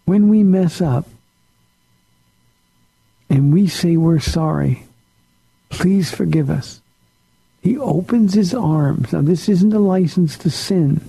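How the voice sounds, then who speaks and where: A man's voice: sits high, slow pace, gravelly, pauses often, mellow, breathy edge, rough recording. A pastor on a call-in radio show, a man answering listener questions in an earnest, plain-spoken way.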